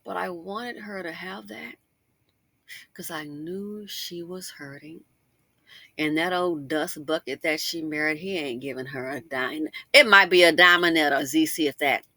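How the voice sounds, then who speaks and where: Middle-aged woman commentator, chatty and animated, bright lowish voice, dry close sound. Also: unhurried, no echo. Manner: chatty and animated, with repeated asides and emphatic rhetorical questions. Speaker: commentary channel host. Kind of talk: casual commentary monologue.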